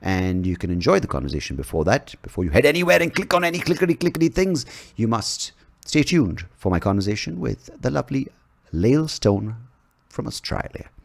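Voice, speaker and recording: A man's voice: medium pitch, big pitch swings, a little fast, vocal fry. A man from India, hosting a podcast in a casual, rambling and profane way, often laughing at his own jokes. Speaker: podcast host.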